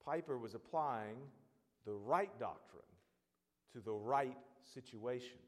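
A man preaching a sermon, earnest and building to loud, emphatic exhortation. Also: medium pitch, expressive, slow, long reverb tail.

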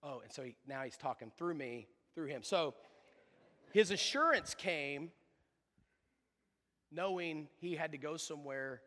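A man preaching a sermon as pastor, fervent and emphatic, building to loud, driving runs. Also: on the high side, normal speed, hardly any pauses. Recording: long reverb of a large hall.

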